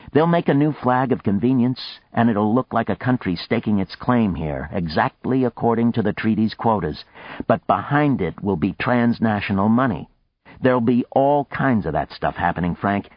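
A man's voice: on the low side, no echo, pitched above the performer's own voice. A man voicing a glib, persuasive male businessman in a dry, dull lo-fi audiobook recording.

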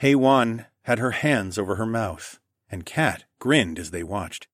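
A man narrates a first-person audiobook in a steady, measured way. His voice sits on the lower side. The recording is dry and close. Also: dry recording.

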